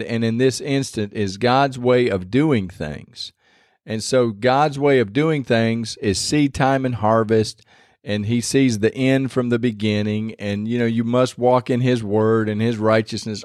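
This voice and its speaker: A man's voice: mid-range voice, darkish tone, dry recording, clean studio sound. A man hosting a devotional podcast, talking in a rambling, conversational way with many restarts. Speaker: podcast host.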